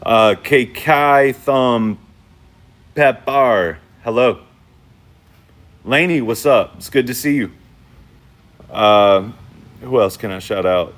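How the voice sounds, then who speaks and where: A man hosting a casual livestream check-in from home on his phone, talking in a laid-back, slangy way and shouting out viewers in the chat. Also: mid-range voice, slow pace, pauses often. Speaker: channel host.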